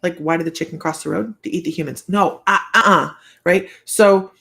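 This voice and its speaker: A woman's voice: on the low side, fairly quick, gravelly, fairly bright tone. A woman hosting a casual live stream as a psychic reader, telling rambling stories and laughing often. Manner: rambling, chatty, laughs often, many fillers. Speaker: psychic reader and show host.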